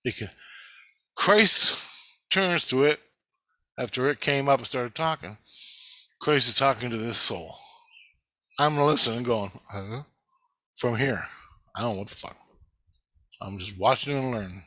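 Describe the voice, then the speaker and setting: A man's voice: medium pitch, expressive, unhurried, long pauses, bright, forceful tone, no room sound. A middle-aged man talking in a rambling, profane, intense personal monologue as a vlogger.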